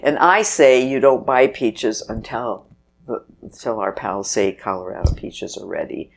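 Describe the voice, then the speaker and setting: A woman's voice: rumbling low, normal speed, creaky. An older woman, a guest on an interview show, telling stories in a chatty way and laughing as she goes. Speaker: guest, festival organizer. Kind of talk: casual interview storytelling.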